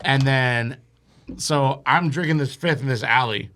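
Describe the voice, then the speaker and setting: A man's voice: mid-range voice, a little slow, sharp tone. A man telling a rambling, profane story as a guest on a podcast, laughing along as he goes. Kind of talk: casual storytelling.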